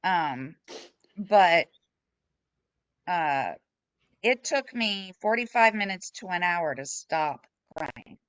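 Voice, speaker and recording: A woman talks slowly and frankly to an online support group, telling her story with blunt emotion and a self-deprecating edge. Her voice is smooth and clear, close and dry. The video-call audio is a little dull. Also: fairly low pitch, expressive, dry recording. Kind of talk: candid personal sharing in a group chat. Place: at home. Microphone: computer mic on a video call.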